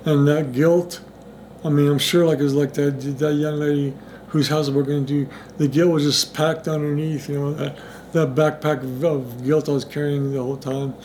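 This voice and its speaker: A man's voice: fairly high pitch, level tone, normal speed, darkish tone, slight background noise. A middle-aged man telling a personal recovery story in a rambling way, full of restarts and acted-out dialogue. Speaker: interviewee in recovery.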